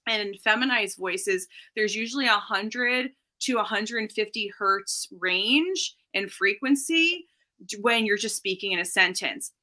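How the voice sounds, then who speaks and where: Woman voice coach guest, bright and clear, explains and demonstrates resonance. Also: mid-range voice, a little slow. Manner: demonstrates voice placement while explaining. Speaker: speech-language pathologist guest. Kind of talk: explanatory interview talk.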